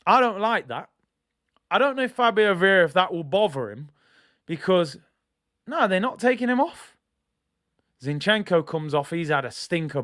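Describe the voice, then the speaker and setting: High-voiced excitable football fan. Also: male voice, no room sound, studio quality. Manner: excitable, banters with chat, shouts at big moments. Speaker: football watch-along host. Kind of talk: live match reaction chat.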